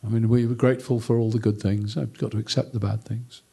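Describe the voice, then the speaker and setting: A man's voice: on the low side, level tone, quick pace, creaky, mellow, husky, voice pushed down, heavily acted. A man voicing Job, a long-suffering man, weary and pleading. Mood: resigned.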